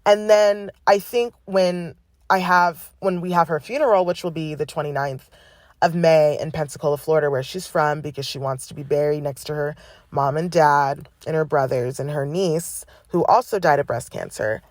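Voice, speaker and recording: A woman hosting a podcast, speaking in a candid personal monologue, blunt and full of swearing, with halting restarts. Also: deep voice, fairly even intonation, darkish tone, dry recording. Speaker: podcast host.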